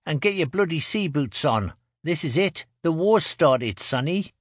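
Guy doing a big red-headed gunner, barking loud and high, dry sound. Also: lively intonation, a little slow, no room sound. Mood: yelling.

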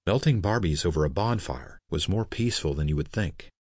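Deep, husky male audiobook narrator. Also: lively intonation, a little fast, a little mellow, no room sound, clean studio sound. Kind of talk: first-person scripted narration.

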